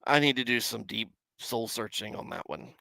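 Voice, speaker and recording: Gravelly-voiced man, casual livestream Bible commentary, rambling and self-mocking, dry close sound. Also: medium pitch, expressive, moderate pace, pushed and bright, no room sound. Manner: rambling, self-deprecating, chats with viewers.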